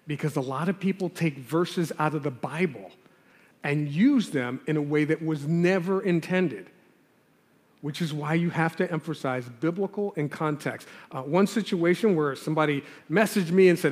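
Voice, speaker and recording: A man preaching a sermon with a fairly high voice, talking to the congregation like friends while leaning hard on the words that matter. His voice rings out with a long hall reverb behind it. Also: moderate pace. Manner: earnest, conversational preaching with emphatic stresses. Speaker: pastor.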